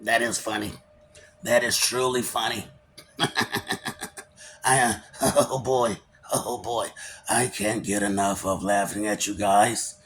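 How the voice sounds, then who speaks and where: This self-styled god addresses viewers with a wandering sermon full of laughter and mocking rhetorical questions, now and then fumbling his words. His fairly low, slightly bright voice is slow and fairly even, with long pauses, and there's a little background noise.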